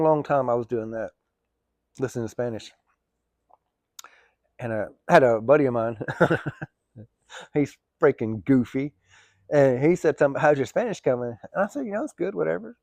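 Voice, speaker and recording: A man's voice: mid-range voice, a little mellow, dry recording. A man who drives trucks, telling stories in a rambling, chatty way, swearing casually and laughing easily. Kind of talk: casual storytelling.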